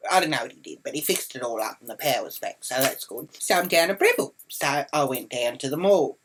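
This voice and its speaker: An Australian woman with a low voice tells a storytime vlog rant. She is brash and indignant, swears constantly, and slips into the voices of the people in her story. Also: lively intonation, fairly quick, a little hiss or hum, poor audio. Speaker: vlogger. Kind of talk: ranting storytime monologue.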